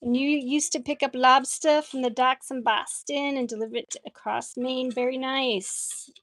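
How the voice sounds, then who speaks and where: A woman's voice: sits high, steady tone, normal speed, a bit bright, dry recording. A woman chatting casually with viewers while she draws on a livestream, laughing often as she reads out their comments. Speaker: art livestream host.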